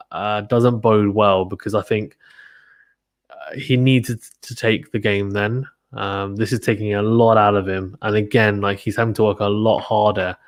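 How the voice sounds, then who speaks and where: A man calls a tennis match live, in a fairly low voice. He talks casually and bursts into excited exclamations when a rally turns wild. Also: no echo, studio quality. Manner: excitable, exclaims and gasps at big points. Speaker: tennis commentator. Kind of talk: live play-by-play watchalong commentary.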